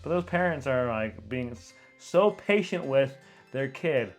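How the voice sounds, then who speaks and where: A man's voice: mid-range voice, lively intonation, unhurried, soft background music. A young man, a photographer, giving casual reaction commentary, rambling with lots of fillers and frequent laughter.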